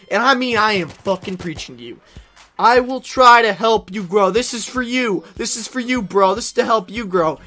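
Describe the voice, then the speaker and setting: A young man giving a ranting comedy commentary, aggressive and profane, often shouting. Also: very high-pitched. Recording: faint music in the background.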